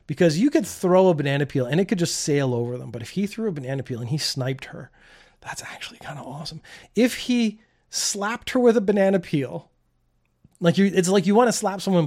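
A man's voice: fairly high pitch, darkish tone. A middle-aged man hosting a comedic news commentary show, delivering stories in a wry, sarcastic way and chuckling at his own jokes.

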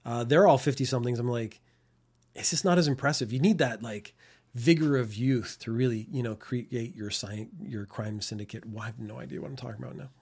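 A man's voice: medium pitch, a little fast, darkish tone, breathy edge. A man in his fifties giving casual commentary on news stories, wry and rambling, laughing at his own tangents. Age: 50s.

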